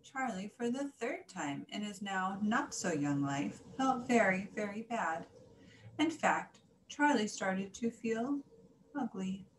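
A woman reading a children's story aloud in an animated, singsong way. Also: medium pitch, slow. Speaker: story reader. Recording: echoey room, faint hiss.

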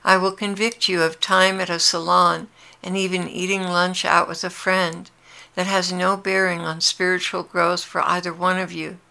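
A woman's voice: on the low side, little pitch movement, normal speed, gravelly. A woman voicing Jesus as a tender, longing man who speaks earnestly to his brides in a devotional dialogue. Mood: warning. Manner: earnest, intimate, gently pleading.

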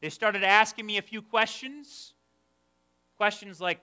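A young adult man preaching a sermon, telling a personal story in an animated way and acting out his own past complaints. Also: high-pitched, unhurried, long pauses, clean tone. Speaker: pastor.

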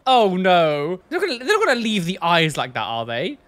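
A man reacting to viewer photos with a camp, sassy flair. His pitch swings widely, and his tone is bright and sharp. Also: big pitch swings, moderate pace, hardly any pauses. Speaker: body piercer and show host. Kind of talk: casual reaction commentary.

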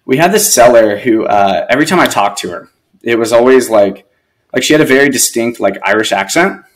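A man's voice: medium pitch, lively intonation, a little fast, poor audio. A man who is a guest on a podcast, telling stories casually and rambling with lots of filler words. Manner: rambling, heavy use of "like". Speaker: podcast guest, real estate investor. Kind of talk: casual storytelling.

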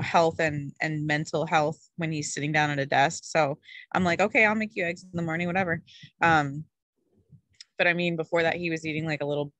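A woman's voice: on the low side, a bit bright, no echo, poor audio. A woman leading a casual group video call as a food coach, chatty and rambling with lots of fillers, a little short of breath.

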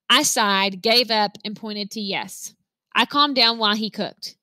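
A woman reading a novel aloud, telling the story in an expressive first-person voice. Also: mid-range voice, unhurried, no room sound. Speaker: reader.

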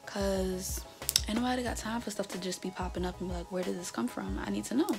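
A chatty woman in her twenties talks through her results in a casual vlog, reacting as she reads them out. Her voice has a gravelly, fry-tinged edge. Music plays clearly beneath her. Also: mid-range voice, quick pace. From North America. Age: 20s. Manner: chatty, animated, reading results aloud with reactions. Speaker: vlogger. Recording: background music under the voice.

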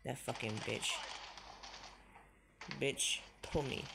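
A streamer giving live commentary on a mobile shooter, swearing constantly and breaking into excited outbursts. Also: mid-range voice, slow, gravelly, pauses often. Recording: noisy lo-fi recording with clicks.

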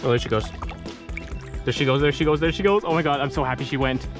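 A young man from Saskatchewan, vlogging casually while wading in a weedy creek, often breaking into excited exclamations. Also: medium pitch, quick pace, music in the background. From Saskatchewan, Canada. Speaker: fishing vlogger. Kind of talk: casual outdoor vlog narration. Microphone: phone camera.

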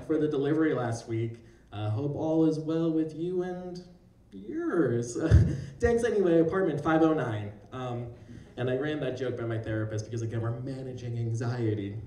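Wry man comic with a mellow voice. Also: mid-range voice. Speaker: stand-up comedian. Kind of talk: stand-up comedy set. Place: venue with a live audience. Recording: echoey room, mic at a distance.

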